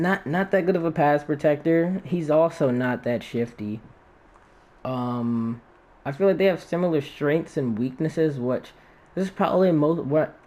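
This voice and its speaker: A man's voice: fairly high pitch, a little mellow. A young man talking casually to camera, ranking football players with lots of fillers and restarts. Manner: rambling, self-correcting, filler-heavy. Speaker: sports video creator. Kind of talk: casual football draft breakdown.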